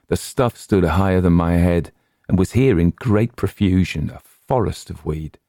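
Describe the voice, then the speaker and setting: A man reading a horror story aloud, measured and hushed, chanting the nursery rhyme lines slowly. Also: low-pitched, creaky, no echo, studio quality. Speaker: narrator.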